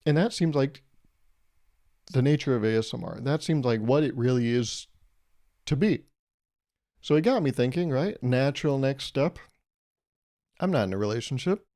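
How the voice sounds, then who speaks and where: A man's voice: medium pitch, expressive, moderate pace, pauses often, warm tone. A man in his twenties hosting a solo podcast, rambling and joking as he swears casually into his mic. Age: 20s. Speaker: podcast host. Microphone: podcast microphone.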